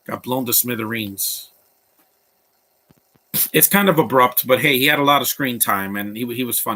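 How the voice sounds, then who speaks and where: A man with a bright, forceful voice talks over a movie as it plays, tossing out blunt opinions and rambling asides. His pitch sits in an ordinary middle range for a man. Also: moderate pace, long pauses. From Latino background. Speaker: movie commentator. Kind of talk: live movie commentary.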